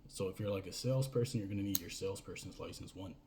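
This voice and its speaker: Over background noise, a business coach with a low, gravelly voice talks at a quick pace, rambling through casual business advice and peppering it with "right?" and "you know."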